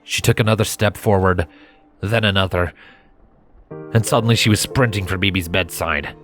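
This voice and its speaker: A man narrates a fan-written story in a low, steady voice. His delivery is measured and even, with faint background music underneath. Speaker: fanfiction reader.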